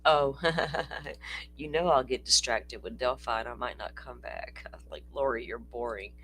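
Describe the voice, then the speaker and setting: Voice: medium pitch, expressive, a little slow, fairly bright tone. A livestream host, chatting casually and rambling through a true-crime stream, laughing often and swearing freely, sounding tired. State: tired, yawning.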